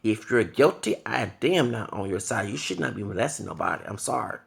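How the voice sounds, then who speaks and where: A man's voice: on the low side, big pitch swings, a little fast, gravelly. A man in his thirties delivering a heated, profane rant to camera, breaking off now and then to apologize for his cursing. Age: 30s. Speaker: vlogger. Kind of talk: angry monologue to camera.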